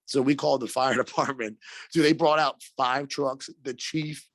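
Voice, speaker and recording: A man co-hosting a podcast, telling a story in an animated, casual way, swearing freely and saying "like" and "dude" a lot. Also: medium pitch, normal speed, dry recording. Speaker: podcast co-host.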